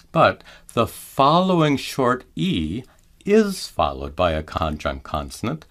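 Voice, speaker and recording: A man teaching mantra pronunciation in a careful scripted lesson, slowing down to chant each example. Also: lowish voice, a bit bright. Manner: slow, careful explanation with drawn-out chanted examples.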